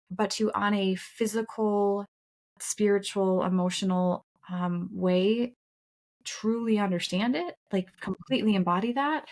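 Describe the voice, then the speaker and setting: A middle-aged woman co-hosts a casual podcast conversation in a mid-range, slightly mellow voice. She comes across as earnest, reflective, and candid, and swears now and then.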